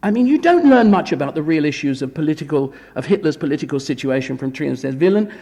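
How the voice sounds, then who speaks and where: Male guest lecturer, gravelly, dry irony, recorded with long hall reverb. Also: on the high side, lively intonation, fast, warm tone. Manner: wry, ironic asides. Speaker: guest lecturer at a film conference. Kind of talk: academic lecture. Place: conference hall.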